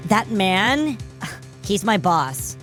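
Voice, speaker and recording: A woman voicing a nervous young woman witness in a game, speaking slowly and haltingly over game music. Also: mid-range voice, very animated. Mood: matter-of-fact. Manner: hesitant, halting.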